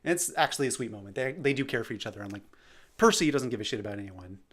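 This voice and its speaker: A man walks through his unfinished cartoon storyboard in a loose, rambling way, often stopping to poke fun at his own writing. His voice sits at an ordinary, mid-range male pitch. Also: expressive, very fast, fairly bright tone. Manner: rambling, self-deprecating. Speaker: animator. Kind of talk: casual storyboard walkthrough.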